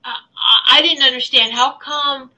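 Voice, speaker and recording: A woman guest on a podcast, telling a personal story in an animated way and acting out the people in it. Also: sits high, a little slow, poor audio. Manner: animated storyteller who acts out the people in her stories. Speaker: guest, spiritual healer.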